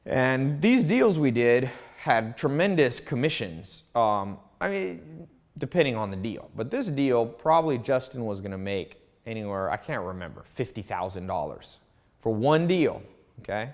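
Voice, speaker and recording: A man teaching a course in a casual monologue, telling stories with lively asides and restarts. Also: medium pitch, normal speed. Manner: storytelling, animated, with asides and restarts. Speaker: course instructor.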